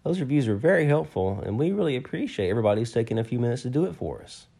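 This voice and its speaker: Man, podcast co-host, gravelly, mellow tone, lively pitch, easygoing delivery. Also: rapid-fire. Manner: easygoing, joking. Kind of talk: casual podcast narration and banter.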